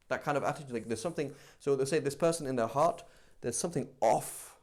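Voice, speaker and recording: A man's voice: mid-range voice, fast, few pauses. Conversational male religious teacher. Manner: conversational, animated, acts out examples. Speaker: Islamic teacher. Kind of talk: live class lecture.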